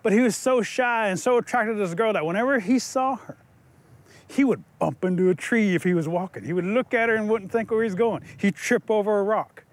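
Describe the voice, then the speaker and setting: A high-pitched man telling a folk tale with lively, animated delivery. He speaks straight to his audience in a relaxed, conversational storytelling voice. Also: fairly quick. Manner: lively, animated, addresses listeners. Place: museum.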